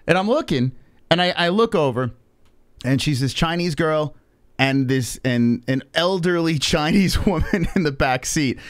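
Profane, animated New man. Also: on the high side, unhurried, no echo, studio quality. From New York. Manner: animated, profane, acts out quoted voices. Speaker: podcast host. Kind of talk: casual storytelling on a live stream.

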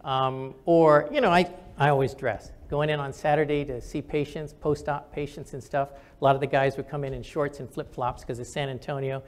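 A man's voice: medium pitch, steady tone, moderate pace, few pauses. An older man, a retired general and physician, answering audience questions with candid stories and frequent fillers.

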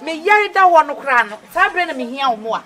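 A woman's voice: high-pitched, very animated, brisk. A woman playing a lovesick young woman pleading. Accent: Ghanaian. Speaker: actor.

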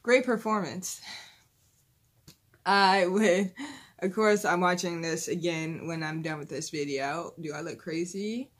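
A woman's voice: on the low side, measured pace. Rambling young woman gushing as a fan. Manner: gushing, rambling, full of "like" and "you know"; fan talk about a singer, breaking into giggles. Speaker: reaction video host. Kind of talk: casual rambling reaction chat.

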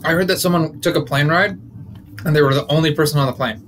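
A man's voice: fairly high pitch, quick pace, fairly bright tone, slight background noise. A young man in his twenties, a comedian and podcast host, talking through a casual, joking monologue that wanders and interrupts itself. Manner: rambling, joking, self-interrupting.

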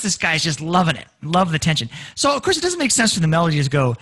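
A man giving a public music lecture, animated and acting out lyrics in dramatic voices for his audience. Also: on the high side, quick pace, hardly any pauses. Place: community presentation room.

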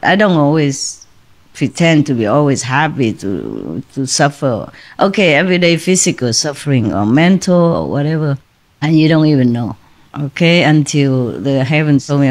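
A woman's voice: low voice, animated, unhurried. Tired woman teacher chatting with her disciples, lots of little laughs. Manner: chatty, laughs often between lines; weary, confiding tone. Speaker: spiritual teacher. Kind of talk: spiritual talk to disciples.

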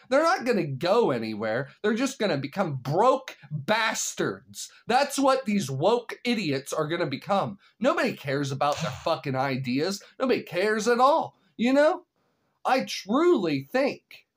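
A vlogger ranting to camera, blunt and profane, swinging from heated outbursts to low, weary grumbling. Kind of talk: solo ranting commentary to camera.

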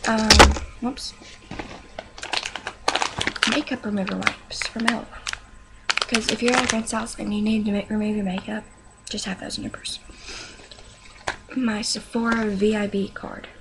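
A young woman casually showing off what she carries, talking slowly and quietly with some rambling, recorded on a webcam. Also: medium pitch, level tone, very noisy. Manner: talks slow and quiet, rambling. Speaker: beauty vlogger. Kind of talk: casual show-and-tell vlog.

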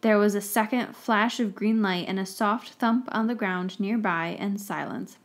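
A woman's voice: mid-range voice, fairly even intonation, measured pace. Woman narrating a story aloud. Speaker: podcast host reading fan fiction.

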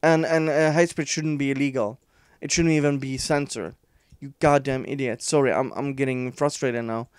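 A man reacting to an article he reads aloud, frustrated and sarcastic, halting often with fillers. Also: medium pitch, fairly even intonation, smooth, dry recording, studio quality. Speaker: online commentator.

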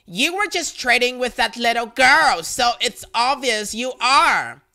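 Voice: medium pitch, expressive, a little slow, creaky, pushed and bright, voice pushed up, exaggerated voice. A storyteller voicing a pushy, entitled mother who makes demands and threatens to report someone. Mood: demanding.

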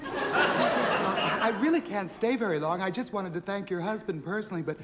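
A man playing a soft-spoken, courteous female impersonator, in 1970s sitcom style. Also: high-pitched, lively intonation, normal speed, crowd noise. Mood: polite. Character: gentle, polite female impersonator, weary and gracious. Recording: noisy 1970s TV audio.

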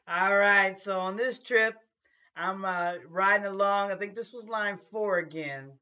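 A woman's voice: mid-range voice, measured pace, bright, forceful tone, dull audio. A woman who drives a bus, telling a casual story with many restarts and asides. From Portland, Oregon, US.

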